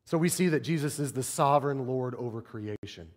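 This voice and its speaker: A man's voice: mid-range voice, fairly quick. A man preaching a sermon, telling stories and acting out the quotes he cites. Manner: animated storytelling, acts out quotes. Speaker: pastor. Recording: long reverb of a large hall.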